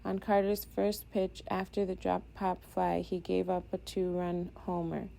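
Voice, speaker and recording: A woman reading a first-person audiobook in a steady, introspective way. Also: fairly low pitch, measured pace, gravelly. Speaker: audiobook narrator.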